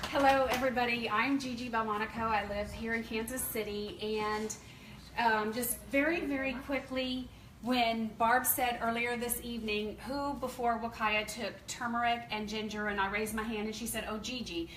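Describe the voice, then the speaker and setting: A woman's voice: a little high, normal speed, echoey room, recorded from a distance, slight background noise, rough recording. A woman in her fifties from the American South, telling a chatty, laughing testimonial to a meeting audience. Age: 50s. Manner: chatty, laughing, animated storytelling. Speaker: company distributor speaking at a meeting.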